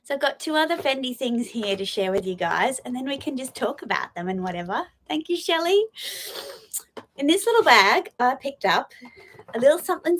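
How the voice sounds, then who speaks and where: A woman's voice: fairly high pitch, a bit bright, slight background noise. A woman hosting a casual live stream about her fashion finds, gushing and emotional, with lots of laughs and fillers.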